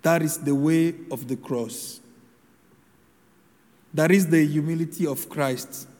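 A man delivering a sermon, his voice sitting high for a man. He speaks slowly and deliberately, pausing solemnly between phrases, and his words ring out with a long reverb as if in a large hall. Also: steady tone, darkish tone. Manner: slow, measured homily delivery with solemn pauses. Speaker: preacher.

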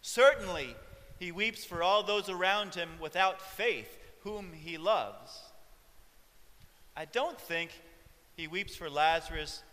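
A male preacher giving a reflective sermon, with soft chuckles along the way. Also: high-pitched, expressive, slow pace, long reverb tail.

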